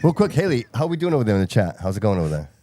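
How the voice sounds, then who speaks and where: A man's voice: lowish voice, very animated, racing, dark tone. A man hosting a live show, talking casually and chummily with guests and callers. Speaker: host.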